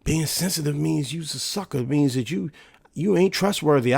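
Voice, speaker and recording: A man's voice: a little high, moderate pace, vocal fry, a little mellow, slightly rough, no room sound. A man in his thirties hosting a solo podcast, talking casually and emphatically and asking rhetorical questions. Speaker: podcast host.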